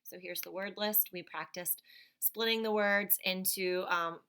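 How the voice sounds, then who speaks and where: A woman's voice: mid-range voice, fairly even intonation, a little slow, pushed and bright, clean tone. A woman teacher giving a phonics lesson to young children, patiently sounding out words.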